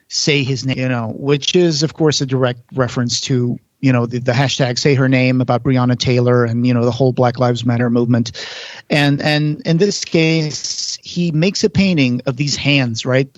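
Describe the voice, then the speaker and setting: A man's voice: mid-range voice, steady tone, moderate pace, no room sound, dull audio. A man hosting a podcast, retelling film scenes in casual detail and acting out quotes. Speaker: podcast host.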